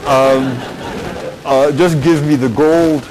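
Man voicing a young fairy-tale queen, flippant, slow. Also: fairly high pitch, steady tone, a little mellow, a little hiss or hum, poor audio.

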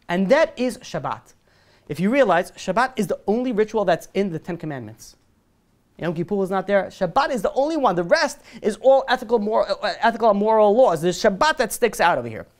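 A man who is a rabbi, telling a story in a lively sermon to a group, full of "you know" fillers and restarts. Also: sits high, fairly quick.

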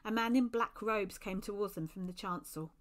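Woman storyteller, expressive read-aloud, middle pitch. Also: normal speed. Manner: expressive, lively storybook reading. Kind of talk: reading a children's book aloud.

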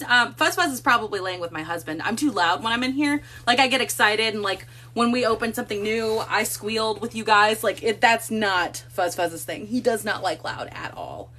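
A woman's voice: a little high, sharp tone. A woman hosting a casual live stream from a room at home, chatting to viewers and cooing baby talk to her cats.

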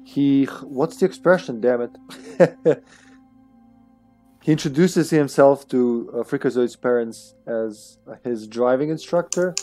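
A man's voice: medium pitch, dark tone, soft background music. Man streaming a co-op game, casual. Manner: quick, swears when flustered. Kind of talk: casual gaming chat.

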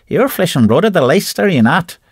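A man putting on a proud young wife, high and indignant. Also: very animated, a little fast, slightly rough, no echo, clean studio sound, exaggerated voice. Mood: pleading. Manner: pleading, then sharply indignant. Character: frightened young married woman, proud and upright. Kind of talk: audiobook character voice.

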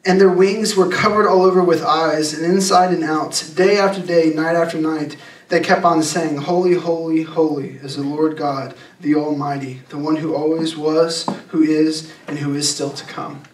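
A young adult man giving a youth sermon, talking casually and emphatically and slowing down to read scripture. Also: on the high side, fairly even intonation. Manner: emphatic, conversational preaching with slowed scripture reading. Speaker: youth pastor. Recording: echoey room, distant mic.

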